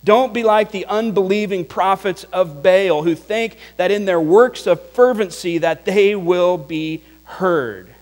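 Male pastor mid-sermon, higher voice, lively storyteller who laughs along; big echoing hall, faint mains hum. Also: a little slow, hardly any pauses. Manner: animated, chuckling storyteller, drops to a hush for prayer.

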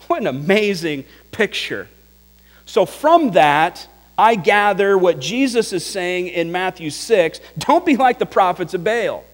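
A man preaching a sermon, telling the story with chuckles and dropping to a hush for quiet passages. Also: high-pitched, in a large hall, poor audio. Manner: animated, chuckling storyteller, drops to a hush for prayer. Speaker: pastor.

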